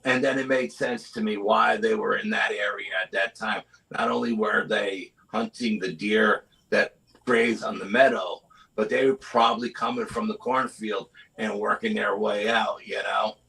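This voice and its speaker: A middle-aged man guests on a live interview and tells his story in an animated way. His voice sits low but comes out forceful and tense, and he keeps tagging his sentences with "you know?". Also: normal speed, gravelly, poor audio. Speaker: guest, cryptid investigator.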